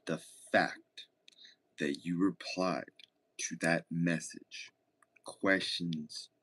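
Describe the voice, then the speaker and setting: A man's voice: deep voice, steady tone, drawn-out words, fairly bright tone. A young man chatting casually as a streamer, reading chat aloud, laid-back and rambling, cursing often.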